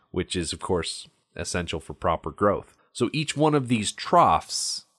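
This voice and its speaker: Low-voiced man explaining casually, dry sound. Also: no room sound. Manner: explanatory, reads aloud at times. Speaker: podcast co-host. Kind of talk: casual film discussion.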